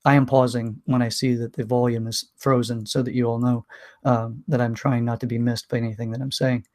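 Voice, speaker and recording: A man candidly recounting a painful personal story in a vlog, emotional, with many restarts and pauses. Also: medium pitch, little pitch movement, darkish tone. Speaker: vlogger.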